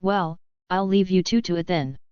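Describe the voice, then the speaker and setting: A woman's voice: on the low side, moderate pace, a little mellow, clear, resonant tone, no room sound, close to an everyday voice. Cheerful middle-aged aunt, read by a woman. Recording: dull lo-fi recording.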